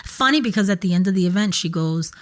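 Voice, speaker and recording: A woman's voice: on the low side, lively intonation, quick pace. A woman co-hosting a podcast, telling a personal story in an earnest, conversational way and acting out what others said. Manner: earnest, storytelling, acts out quoted voices. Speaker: podcast co-host. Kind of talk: casual chat. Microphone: podcast microphone.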